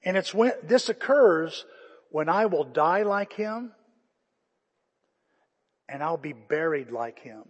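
High husky pastor guy preaching hard, loud then soft, echoey hall. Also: animated, slow, pauses often, dull audio. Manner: impassioned, swings from shouting to hushed. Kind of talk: sermon.

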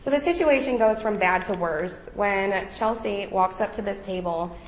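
A woman's voice: mid-range voice, normal speed, a little hiss or hum. A young woman sharing a personal faith testimony with a group, talking casually with many fillers. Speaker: member giving a testimony. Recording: roomy echo.

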